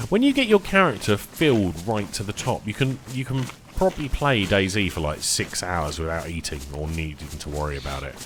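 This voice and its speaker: A man chatting casually while streaming a survival game, tired and rambling, easily excited by small finds. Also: deep voice, background noise. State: tired, yawning. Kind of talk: casual live-stream commentary.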